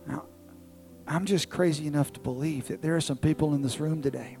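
A man in his thirties preaching a sermon in a church service, telling a personal story that swings from excited to hushed and tender. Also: fairly high pitch, fairly quick, gravelly, faint music behind, rough recording. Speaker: pastor.

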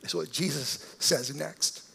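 A man's voice: fairly high pitch, lively intonation, slow, gravelly, slight background noise. Man preaching a dramatic sermon. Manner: dramatic storytelling, swinging from hushed to loud. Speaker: pastor.

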